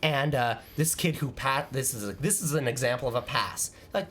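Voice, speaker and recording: A man's voice: mid-range voice, normal speed, fairly bright tone, slight background noise. Man telling a self-mocking story. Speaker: podcast host. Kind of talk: casual chat.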